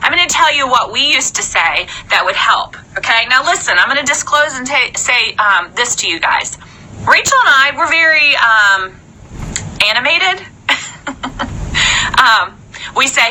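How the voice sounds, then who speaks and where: A young woman in a chatty, animated live-stream coaching talk, often checking in with "okay?". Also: fairly high pitch, normal speed, slight background noise, rough recording. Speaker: sales trainer.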